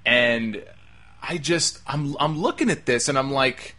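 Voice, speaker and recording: A man's voice: mid-range voice, unhurried, sharp tone. A man hosting a talk show, delivering an emphatic, exasperated opinion monologue. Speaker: wrestling talk show host.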